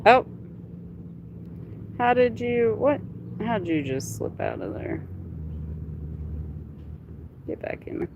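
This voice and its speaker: Chatty woman live-streaming, lively pitch. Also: slow pace, vocal fry, long pauses, noisy background. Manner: chatty, animated, talks to viewers. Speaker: livestreamer. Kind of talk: casual live-stream chat.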